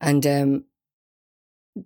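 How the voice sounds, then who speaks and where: An older woman from Wales, a guest singer, telling an anecdote in a casual interview, animated and often laughing. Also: low-pitched, very slow. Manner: animated storyteller, laughs often, restarts mid-sentence.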